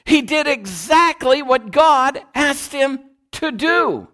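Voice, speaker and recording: A man's voice: extremely high pitch, sing-song, slow pace, sharp tone. A man preaching a sermon in a church, emphatic and repetitive, calling the congregation to repeat after him. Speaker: pastor.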